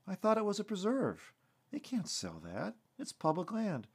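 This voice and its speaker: A skeptical young woman, voiced by a man reading the story aloud, answers with dry sarcasm. The lines sit a little higher than the reader's own voice and are spoken softly. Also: very animated, moderate pace. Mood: disbelieving. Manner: sarcastic, disbelieving. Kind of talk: storybook narration with character voices.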